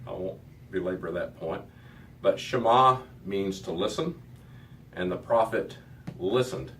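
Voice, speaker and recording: A man's voice: low voice, a little slow, a bit bright, distant mic, slight background noise. A man teaching a Hebrew reading lesson to a class, explaining patiently with many fillers.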